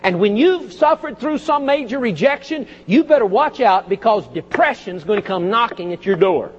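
A man preaching from the pulpit, his voice unusually high and husky. He rises and falls with lively emphasis and drops in folksy asides. The sound is dull, and a long church echo trails each phrase. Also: normal speed. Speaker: pastor. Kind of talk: sermon. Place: church sanctuary.

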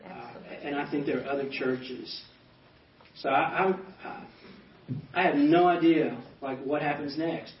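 A man in his fifties, a pastor giving a personal testimony, animated and acting out quoted dialogue as he tells stories. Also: on the high side, measured pace. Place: banquet hall. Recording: echoey hall, distant dull mic.

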